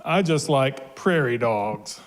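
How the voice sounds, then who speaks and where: A man's voice: mid-range voice, expressive, slow pace, over music. A man voicing a stubborn, contrary squirrel in a storybook read-aloud, drawing out each reply.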